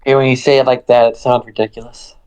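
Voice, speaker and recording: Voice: medium pitch, level tone, fast talker, darkish tone, clear, resonant tone, lightly acted, low-quality recording. A player voicing a young, self-doubting starship officer who is flustered and unsure. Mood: exasperated.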